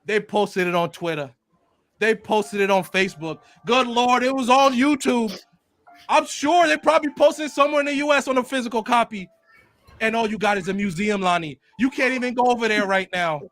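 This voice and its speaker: A rolling preacher voice, high-pitched for a man, that swells loud and then drops to a hush, as a podcast host puts him on. His cadence is that of a grieving pastor addressing his congregation. Faint music plays under him. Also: fairly quick. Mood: solemn. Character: adult male preacher delivering a mock eulogy. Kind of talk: mock sermon to a co-host.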